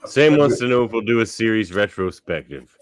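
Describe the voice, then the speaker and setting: A man's voice: on the low side, lively intonation, fairly quick. A man co-hosting a podcast, chatting casually with a dry, teasing humor. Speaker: podcast co-host.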